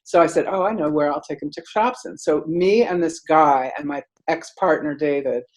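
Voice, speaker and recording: A middle-aged woman telling a rambling story in casual chat, acting out quotes loudly with lots of "like". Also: low voice, moderate pace, rough recording. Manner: animated, acts out quotes loudly; rambling, many "like" fillers.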